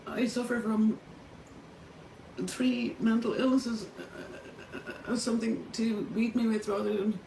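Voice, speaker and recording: A woman's voice: on the high side, flat delivery, unhurried, gravelly, dark tone, far from the mic. Distressed Irish woman in an echoey room. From Ireland. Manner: distressed, swearing heavily, rising to angry outbursts. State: tearful and distressed. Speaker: vlogger. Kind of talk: raw emotional monologue to camera. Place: motel room. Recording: roomy, off-mic with faint background hum.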